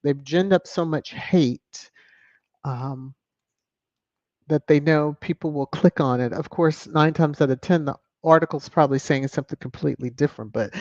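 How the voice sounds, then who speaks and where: A woman's voice: extremely low pitch, moderate pace, pauses often, darkish tone, dry recording. A woman from the United States hosting a casual livestream, chatty and opinionated as she reads out viewer comments. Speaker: livestream host. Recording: dull lo-fi home stream audio.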